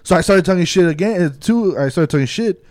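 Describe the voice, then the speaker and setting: A man's voice: sits high, expressive, fast talker, darkish tone, no room sound, clean studio sound. A young man chatting casually and profanely on a podcast with his friends. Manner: laid-back, profane, loose. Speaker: podcast co-host. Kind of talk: casual chat.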